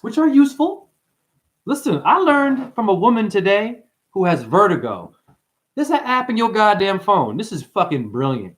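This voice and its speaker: A man ranting to his chat on a livestream, swearing a lot and rambling, swinging from loud outbursts to low muttering. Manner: profane, rambling, excitable, swings between shouting and muttering. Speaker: live streamer. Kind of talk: unscripted livestream rant to chat.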